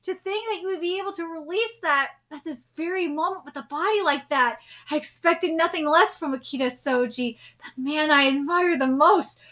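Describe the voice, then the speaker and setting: A woman's voice: pushed and bright, lo-fi sound. A woman reading out a grave, mighty sword god. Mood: grave, admiring. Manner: low, measured reading.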